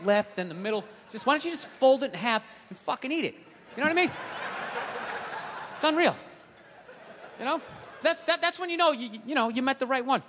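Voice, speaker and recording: A man doing a stand-up comedy routine on a theater stage, ranting and swearing, swinging from mutters to shouts. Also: high voice, a little hiss or hum. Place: large theater stage with live audience. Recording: live hall with audience.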